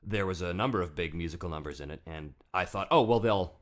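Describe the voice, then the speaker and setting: A man's voice: low voice, fast. A man hosting a podcast interview, joking and laughing often as he chats. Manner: jokey, laughs often, lively. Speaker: podcast host. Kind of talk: casual interview chat.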